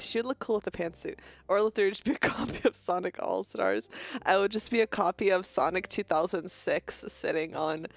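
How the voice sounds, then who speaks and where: Fast-talking young woman streamer. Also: lowish voice. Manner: fast-talking, bubbly, frequent laughs. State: stuffy nose. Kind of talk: casual stream chat greeting viewers.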